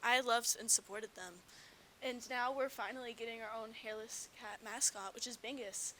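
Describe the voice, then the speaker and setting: A woman with a bright, fairly high voice, delivering a deadpan comedy bit with mock earnestness. A faint hiss runs under the recording. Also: normal speed, rough recording.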